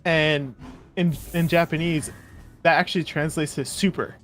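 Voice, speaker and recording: Higher-voiced man telling a tale. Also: fairly even intonation, normal speed, fairly bright tone, faint music behind. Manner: storytelling, hesitant fillers. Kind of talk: casual stream chat.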